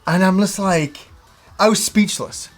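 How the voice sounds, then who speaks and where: A man with a slightly high voice tells a story in a loose, ranting way. He acts out both sides of each conversation and swears freely as he goes. Faint music plays underneath. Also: a little slow. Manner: animated retelling with swearing and acted-out dialogue. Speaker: video game vlogger. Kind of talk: casual storytelling rant.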